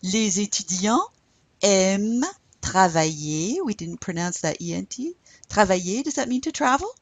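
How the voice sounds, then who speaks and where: A woman teaching a French class in a recorded lecture, slowly modelling words for learners to repeat. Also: mid-range voice, very animated, no echo. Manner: slow and deliberate, modelling pronunciation for learners to repeat.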